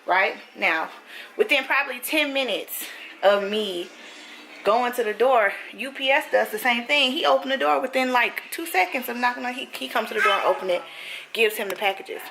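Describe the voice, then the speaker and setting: A woman's voice: a little high, vocal fry. Chatty woman vlogging from a car. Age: 30s. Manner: chatty, animated, quick to laugh. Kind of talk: casual chat to camera. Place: passenger seat of a moving car. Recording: road noise inside a moving car.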